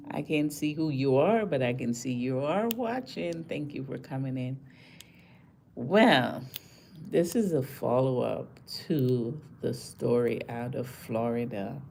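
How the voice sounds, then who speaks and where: Slow, gravelly-voiced woman chatting live. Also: rumbling low, warm tone, a little hiss or hum. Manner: chatty, indignant, repeats words for emphasis. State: tired after a rough morning. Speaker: vlogger talking to live viewers. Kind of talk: casual live-stream commentary.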